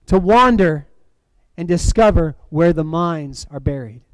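A man preaching a sermon in a church, animated, swinging from loud emphatic lines down to quiet, dramatic drops. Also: fairly high pitch, a little slow, no echo, rough recording. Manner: acts out movie quotes.

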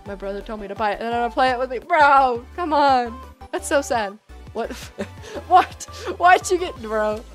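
Young woman streamer, high voice, giggly and chatty, says bro a lot, light music bed. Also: animated, normal speed. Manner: giggly, chatty, talks straight to chat, calls people bro. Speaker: livestreamer. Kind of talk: casual live gaming stream chatter.

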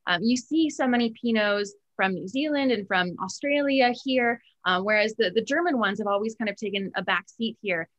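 A woman sommelier with a bright voice talks through wines in a measured, thoughtful way. She pauses often on small hesitant fillers while she gathers her point. Her pitch sits in a middle range. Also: highs cut off. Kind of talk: casual tasting chat.

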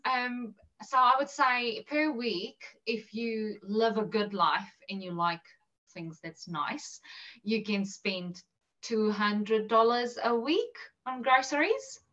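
A woman's voice: fairly high pitch, slow, sharp tone, recorded from a distance, muffled recording. A woman from South Africa with an Afrikaans-tinged accent, chatting casually as an interview guest with lots of ums and little laughs. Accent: Afrikaans-influenced South African English. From South Africa, Bloemfontein. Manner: chatty and self-deprecating, many ums and laughs.

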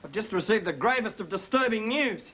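An actor playing a bossy, boastful and greedy station boss. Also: male voice, sits high, expressive, fairly quick, crowd noise. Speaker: sitcom character. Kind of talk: sitcom acting.

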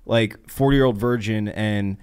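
A man's voice: on the low side, a little slow, a little mellow, clean tone. A man, a podcast regular, in casual crude banter with friends, swearing emphatically.

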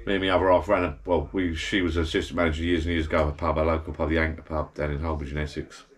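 Speaking rapid-fire in a flat bass voice, a vlogger rambles through pub stories to camera from his backyard garden bar. His chatty, blokey anecdotes meander, and he keeps correcting himself.

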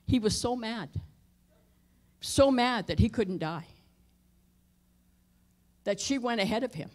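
A middle-aged woman pastor telling a personal story in a sermon, dropping her voice low for tense moments and rising loud for emphasis. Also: expressive, slow. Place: church sanctuary.

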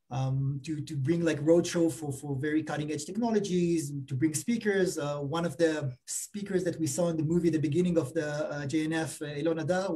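Man, English, mellow higher voice, hesitant presentation. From Israel. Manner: hesitant, many fillers, non-native phrasing. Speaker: trade commissioner speaking on a webinar. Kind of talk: informal presentation.

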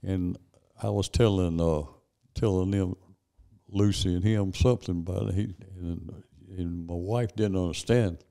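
Soft-spoken older man, gravelly and low. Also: steady tone, a little slow. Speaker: grandfather guest. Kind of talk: casual family podcast chat.

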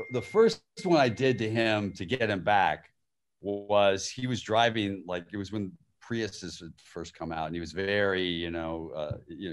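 A man, the guest filmmaker and actor, telling anecdotes over a video call and laughing through his stories. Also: low-pitched. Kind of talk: live-streamed conversation.

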